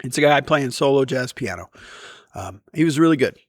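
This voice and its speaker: A man telling embarrassing stories to camera in a casual, self-deprecating way, with lively bursts when he quotes himself. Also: medium pitch, normal speed, dry recording, studio quality. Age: adult. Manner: animated, self-deprecating, with bursts of loud quoting. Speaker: vlogger. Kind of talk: casual storytime monologue. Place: outdoors in daylight.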